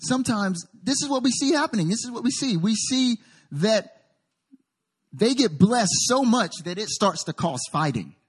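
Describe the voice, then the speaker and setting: A man pastor delivers an animated sermon, calling out to the congregation and slipping into storytelling. His voice sits high for a man and has a husky, breathy grain. His loudness swings widely from hushed asides to full-throated emphasis. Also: normal speed. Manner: animated preaching with call-and-response.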